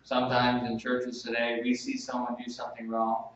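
A man preaches a sermon at an ordinary pitch, dropping soft and slow, then jumping into loud bursts. He is heard from a distance in a very reverberant church. The sound is dull, with faint room noise behind. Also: monotone. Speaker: pastor.

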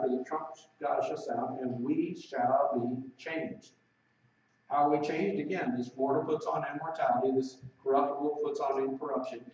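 A man delivers a sermon in a raised-pitch voice, stretching out scripture passages for emphasis. The sound is heavily echoey and picked up from a distance. The recording is dull and lo-fi. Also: darkish tone. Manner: preaching with emphatic, drawn-out scripture reading. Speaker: preacher. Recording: roomy echo, distant mic, dull lo-fi sound.

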